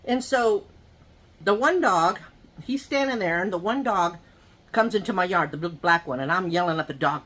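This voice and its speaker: Casual eating-and-chatting content from a woman mukbang vlogger at home, who speaks directly to viewers in a rambling, gossipy way with frequent asides. Her voice is on the low side and a bit bright, at normal speed.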